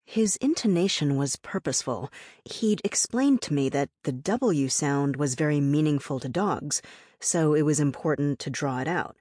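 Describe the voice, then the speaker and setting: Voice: medium pitch, expressive, normal speed, darkish tone, dry recording. A narrator reading a personal essay as an audiobook, telling it in a wry, reflective way with dry humor. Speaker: memoir narrator.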